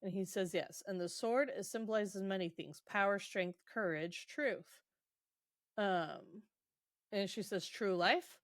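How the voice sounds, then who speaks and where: A woman's voice: medium pitch, a little slow, dry recording, clean studio sound. A woman co-hosting a podcast, casually retelling a book's scenes with loose quoted lines, frequent ums and laughs. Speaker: podcast co-host. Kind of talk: casual book recap.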